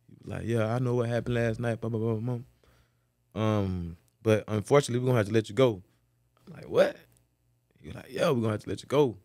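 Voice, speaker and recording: A man tells a story in a loose, profane, animated way, marking each turn of events with a repeated beat word. His voice sits at a middle pitch. It comes through a close, dry podcast mic. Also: no echo. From Florida. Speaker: guest, former football player. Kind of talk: casual storytelling interview.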